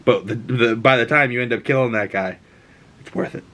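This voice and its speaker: A man in his twenties talks through a TV episode in a loose, excitable ramble. He swears freely and leans on fillers. His voice sits at an ordinary middle pitch. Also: brisk. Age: 20s. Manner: rambling, profane, enthusiastic with fillers. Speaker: TV show recap vlogger. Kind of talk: casual show recap.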